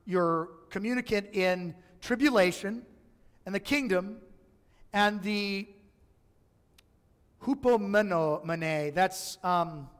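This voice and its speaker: A man's voice: high voice, slow, long pauses, a bit bright, clean tone. A man preaching a sermon to his congregation in a conversational, humorous way. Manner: conversational and humorous, acts out voices in his stories. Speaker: pastor. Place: church sanctuary. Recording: church live stream with long hall reverb.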